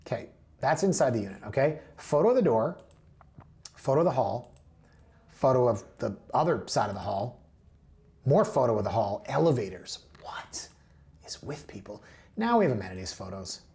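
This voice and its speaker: A man's voice: medium pitch, very animated, moderate pace, long pauses, mellow. A man hosting a real estate show, chatting casually through listings and drifting into playful tangents.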